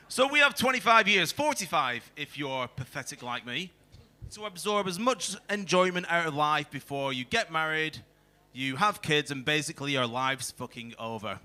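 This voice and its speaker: A man's voice: on the high side, expressive, moderate pace, sharp tone. A young man doing a crude, self-mocking stand-up set in a comedy club, teasing the crowd. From England.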